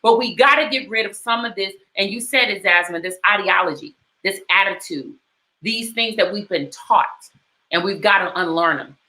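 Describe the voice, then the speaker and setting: Impassioned woman telling a story, bright voice. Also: medium pitch, moderate pace, echoey room, low-quality recording. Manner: impassioned, storytelling with repeated phrases. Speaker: host. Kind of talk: personal commentary talk.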